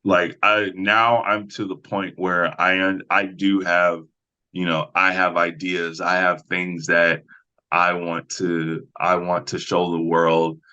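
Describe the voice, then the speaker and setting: Deep-voiced man telling set stories. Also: slow, clean tone. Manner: relaxed storyteller who acts out other voices. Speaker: actor and fight coordinator. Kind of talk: casual podcast interview. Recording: slightly dull lo-fi sound.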